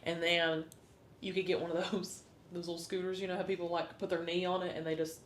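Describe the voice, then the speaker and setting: Casting: woman podcast co-host, slightly low voice, relaxed chatter, echoey room with faint rumble. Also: fairly quick. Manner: chatty, storytelling with laughs. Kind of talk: casual chat.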